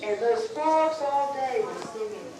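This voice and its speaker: Slow dramatic woman storyteller in an echoey room. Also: fairly high pitch, lively intonation. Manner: dramatic, drawn-out phrasing. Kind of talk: live folktale telling to an audience. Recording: echoey room, far mic, background noise.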